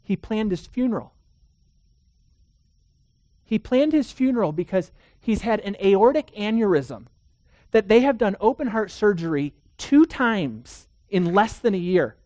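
A pastor preaching a sermon, swinging between loud urgent passages and hushed soft ones and asking the audience rhetorical questions. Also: mid-range voice, big pitch swings, measured pace, long pauses, no room sound.

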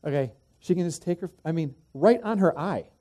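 A middle-aged man, a pastor, preaching a sermon, emphatic in places and dropping to quiet, chatty asides in others. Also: fairly high pitch, animated, moderate pace.

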